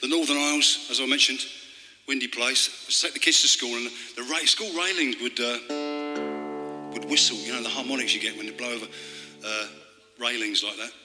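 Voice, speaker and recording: A man talking between songs at a live club gig, rambling and wry, halting with fillers and political jokes. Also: medium pitch, fairly even intonation. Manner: halting, with many fillers and restarts. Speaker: folk singer and storyteller. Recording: hall reverb with guitar playing.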